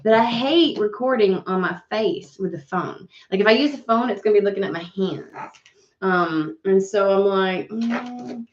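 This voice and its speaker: A woman's voice: medium pitch, normal speed. A woman hosting a casual tarot live stream from home, chatting in a rambling way and swearing freely as she talks into a webcam. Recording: roomy, slightly dull home webcam audio.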